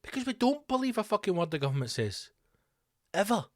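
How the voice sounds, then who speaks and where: A man hosting a comedy podcast, telling a rambling story with sudden loud, incredulous outbursts. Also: high-pitched, big pitch swings, brisk, no room sound, studio quality. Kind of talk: comedic monologue.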